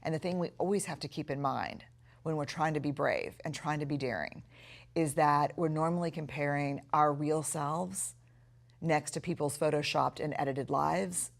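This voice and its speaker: A middle-aged woman teaching a recorded lesson in a notably low voice. She speaks earnestly and reflectively and slows right down to lean on key words. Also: creaky. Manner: earnest, reflective, with slow emphatic stretches. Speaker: course instructor.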